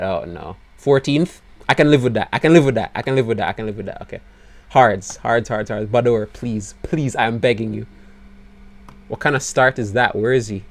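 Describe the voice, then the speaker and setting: A man talks through a game as he plays it, his voice worn and going hoarse. He drops to low, despairing mutters, then bursts into loud, excited shouting, all at an ordinary mid pitch for a man. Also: moderate pace. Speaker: gaming video creator. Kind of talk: live gameplay commentary.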